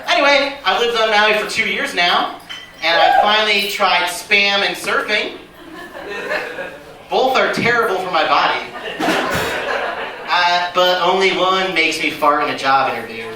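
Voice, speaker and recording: A man's voice: high-pitched, animated, measured pace, pauses often. A man hosting a comedy show, offhand and jokey as he announces the break. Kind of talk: stand-up hosting. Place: small comedy club stage. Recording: echoey room, mic from far off, noisy.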